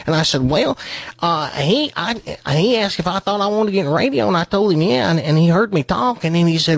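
Husky man telling a story on the radio. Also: high-pitched, brisk, no echo. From Tennessee. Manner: animated storyteller acting out quoted dialogue. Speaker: radio host. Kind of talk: storytelling on a radio talk show.

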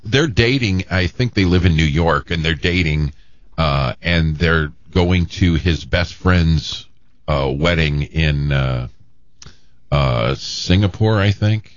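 A man with a very deep voice, co-hosting a radio show and recounting things haltingly, with plenty of ums. The sound is close and dry, with dull, lo-fi broadcast audio. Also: dry recording. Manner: halting, with many fillers. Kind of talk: casual banter on a radio show.

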